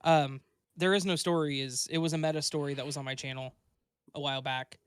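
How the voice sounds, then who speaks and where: A man's voice: a little high, steady tone, a little fast, smooth, no room sound, clean studio sound. A man who narrates stories, co-hosting a podcast in blunt, casual chat and swearing freely. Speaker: podcast host and story narrator.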